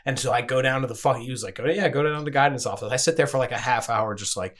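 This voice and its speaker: A man's voice: medium pitch, very fast, crowd noise. A man hosting a recovery podcast, telling stories in a loose, casual way and swearing freely. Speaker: podcast host. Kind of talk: casual conversational chat.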